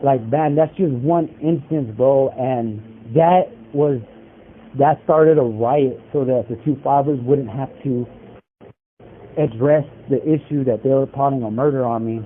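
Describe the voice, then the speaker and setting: An incarcerated man with an unhurried, mid-range voice recounts a story over a prison phone call, the tinny line carrying a faint hiss. His talk rambles in casual street slang, thick with fillers, likes and bros.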